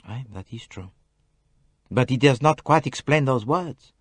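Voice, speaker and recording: A man reading an audiobook, voicing a fastidious older detective who speaks earnestly and formally. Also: medium pitch, expressive, slightly rough, no room sound, pitched above the performer's own voice. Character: fastidious older male detective, calm and probing. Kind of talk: audiobook character voice.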